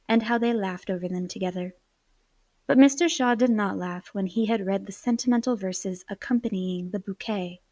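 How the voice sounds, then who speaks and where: A woman narrating a classic novel aloud in an even, measured storytelling manner. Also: medium pitch, no room sound. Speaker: audiobook narrator. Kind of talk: scripted narration.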